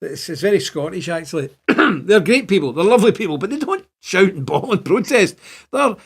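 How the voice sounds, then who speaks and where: Animated Northern Irish older man. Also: high-pitched, brisk, slightly rough. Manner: rambling, animated, laughs between points. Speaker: show host. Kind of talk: livestream commentary reading chat.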